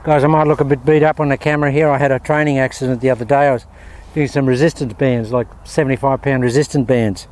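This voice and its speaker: Speaking fast in a steady, darkish, mid-range voice, an Australian man runs a relaxed on-course golf lesson at a windy outdoor range. He's chatty and upbeat, hitting shots while repeatedly calling his viewers "guys."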